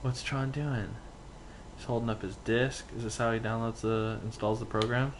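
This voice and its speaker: A man's voice: mid-range voice, fairly even intonation, normal speed, background noise. A young man chatting casually while streaming a video game, rambling with many fillers. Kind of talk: casual gameplay chat. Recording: loud game music behind.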